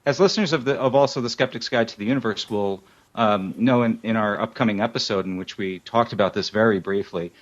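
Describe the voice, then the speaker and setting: An American man being interviewed as a podcast guest, answering in a measured way with frequent ums. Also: lowish voice, no room sound, lo-fi sound. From United States. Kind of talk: casual interview over a remote call.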